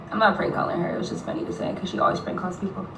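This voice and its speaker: A woman's voice: fairly low pitch, vocal fry. A woman tells gossip in an unfiltered, profane way during a casual livestream. The sound is roomy and echoey, picked up by a phone set some distance from her. There is a faint hum in the background. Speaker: livestreaming rapper. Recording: echoey room, phone held away.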